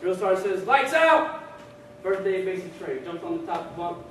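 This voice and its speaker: A man giving a humorous storytelling speech at a ceremony, animated and often repeating words. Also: high-pitched, fast. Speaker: ceremony speaker. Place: ceremony hall. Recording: echoey hall, distant mic, background noise.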